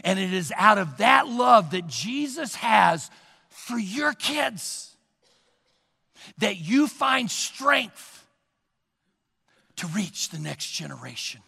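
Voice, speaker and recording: A man preaches a sermon in a high, bright and gravelly voice, his words ringing through a hall with a long reverb. He speaks slowly, poses rhetorical questions to the congregation and tells a story dramatically, swinging between loud and hushed. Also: sing-song. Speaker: pastor.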